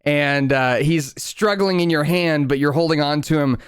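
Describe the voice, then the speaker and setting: A man's voice: on the high side, normal speed, clear, resonant tone, dry recording, clean studio sound. A man running a tabletop game as game master, narrating scenes and explaining rules patiently with lots of filler words.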